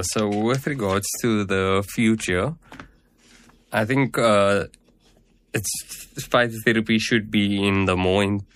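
A man with a very deep voice talks through his answers in a measured, explanatory way, pausing on fillers as he builds each point. He sounds like a practitioner being interviewed, steady rather than showy. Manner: measured, explanatory, many "at the end of the day". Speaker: herbal medicine practitioner guest.

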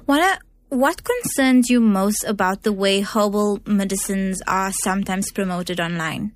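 A woman conducts an interview, reading out clear, prepared questions at an even, mid pitch. Her delivery is orderly and scripted, leading the guest from topic to topic. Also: unhurried, dry recording. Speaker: interviewer host.

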